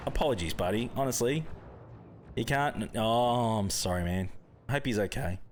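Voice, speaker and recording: A young Australian man with a mid-range voice hosts a live gaming stream at a moderate pace, chatting casually with viewers, greeting them by name, and laughing often. Background noise can be heard.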